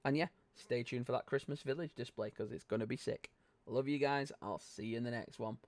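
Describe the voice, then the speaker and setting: A man's voice: medium pitch, a little fast, dry recording. A young British man hosting a LEGO vlog, ranting bluntly about set prices and swearing casually into a close microphone. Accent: British English. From Britain. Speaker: LEGO channel host. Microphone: close desk microphone.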